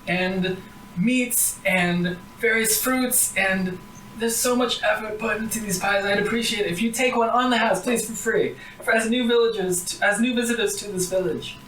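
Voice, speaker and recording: Man doing a sweet old granny, gushing, high put-on voice, roomy room, far from mic. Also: fairly even intonation, moderate pace, bright, forceful tone, a little hiss or hum. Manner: gushing, overly sweet, raised pitch. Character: cheery old village granny selling pies.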